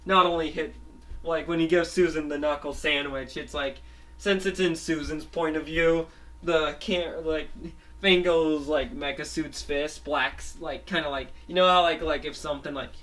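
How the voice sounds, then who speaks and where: Brief: man with a raised, bright voice, improvising a story in a halting, filler-heavy ramble, set back from the mic. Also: on the high side, steady tone. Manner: halting, full of fillers and restarts; keeps revising with "let's say". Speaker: storyteller making up a show plot. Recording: voice a bit far from the mic.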